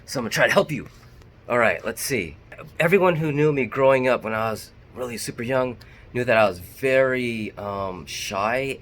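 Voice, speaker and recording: A man's voice: mid-range voice, animated, normal speed, fairly bright tone, a little hiss or hum. Chatty man talking to camera. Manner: candid, chatty, self-deprecating. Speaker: vlogger. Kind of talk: casual talk to camera.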